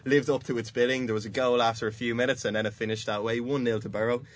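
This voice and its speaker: A man's voice: mid-range voice, fairly even intonation, fast, no echo. A man hosting a football podcast from a studio, chatting loosely and laughing as he talks. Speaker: podcast host. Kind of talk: casual sports chat.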